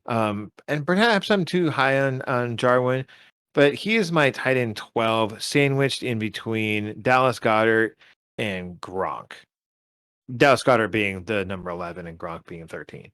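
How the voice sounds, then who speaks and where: A man's voice: lowish voice, measured pace, fairly bright tone, no room sound. A man co-hosting a casual sports chat, rambling with many fillers and restarts. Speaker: podcast co-host.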